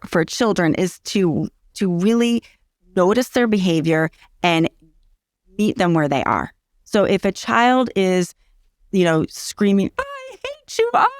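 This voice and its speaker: A woman's voice: medium pitch, no echo, clean studio sound. A middle-aged woman explaining parenting in a casual interview, earnest and teacherly, repeating key phrases for emphasis. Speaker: early childhood educator and parenting guest.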